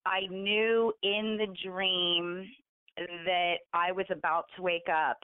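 A woman author as a guest, talking about her late mother in a halting, emotional way with many restarts. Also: lowish voice, steady tone, smooth, no echo. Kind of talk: casual interview chat. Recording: tinny phone-line sound.

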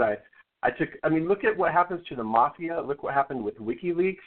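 A man's voice: fairly high pitch, animated, brisk. Earnest male caller on a tinny phone line. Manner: earnest, argumentative, frequent restarts. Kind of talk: call-in phone conversation. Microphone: telephone.

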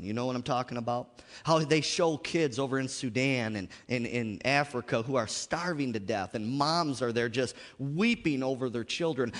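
Animated preacher man in a reverberant church. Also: fairly high pitch. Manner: call-and-response, frequent "Amen?" and "How many of you know". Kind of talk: sermon. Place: church sanctuary.

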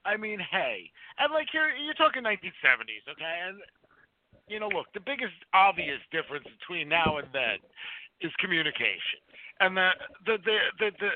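A middle-aged man co-hosting a podcast, rambling through a casual film chat with profane, lively asides. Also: high voice, brisk. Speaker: podcast co-host. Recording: tinny phone-like line.

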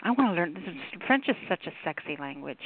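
A woman's voice: lowish voice, big pitch swings, fast talker. A woman hosting a call-in poetry radio show, chatting casually and rambling with lots of fillers. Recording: tinny phone-line audio.

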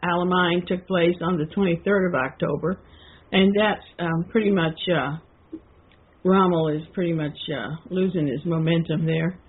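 Female co-host, slightly husky, heard over a thin phone line, halting discussion style. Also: fairly low pitch, steady tone. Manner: hesitant, with frequent fillers and restarts. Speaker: podcast co-host. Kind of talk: casual discussion of a historical text.

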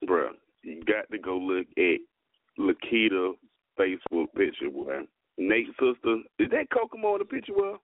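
A man co-hosting a morning talk show, teasing his friends quickly in casual banter. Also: low-pitched, big pitch swings. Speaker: radio show co-host. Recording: tinny phone line.

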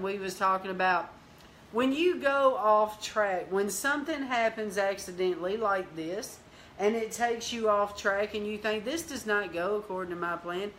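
A woman host of a Christian teaching show recounts a personal testimony, playing out each person's lines as she goes. Her voice is bright and forceful, and she moves between plain storytelling, exclamations of praise and prayer. Faint noise sits underneath. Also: fairly high pitch. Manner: lively storyteller, acts out dialogue, bursts into praise.

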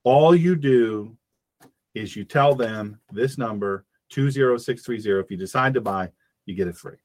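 A man's voice: medium pitch, moderate pace, a little mellow. A man hosting a fiery political talk radio show, preaching in an impassioned way and acting out little scenes.

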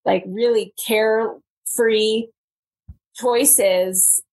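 A woman in her thirties, a guest on a live stream, telling her story in a lively, laughing way. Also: fairly high pitch, extremely slow. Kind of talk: casual interview chat.

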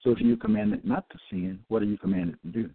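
A man giving a halting religious teaching, full of fillers and restarts, who slows down and stresses each word when he quotes scripture. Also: lowish voice, breathy edge, no echo. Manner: emphatic, drawn-out scripture quoting. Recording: tinny phone-line audio, dry.

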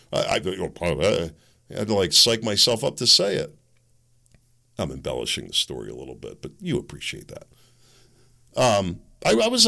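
Animated gravelly male podcast host. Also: mid-range voice. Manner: animated ranting, acting out quoted voices. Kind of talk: solo political commentary.

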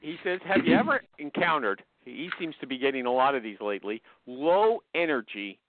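An excitable man hosting a podcast. He talks in a rambling, animated way and swings widely in pitch. The sound is dry and narrow, like a phone call. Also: fairly quick, dry recording. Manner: rambling, excitable, jumps into funny voices. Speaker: podcast host. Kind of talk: casual chat with ad read.

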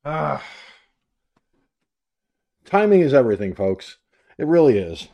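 Out of breath guy rambling on his call-in show, mid pitch, dry close mic, no room sound. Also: big pitch swings, a little slow, vocal fry, no room sound, highs cut off. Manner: rambling, self-talking, scrambling. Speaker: radio show host. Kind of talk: casual call-in show chat.

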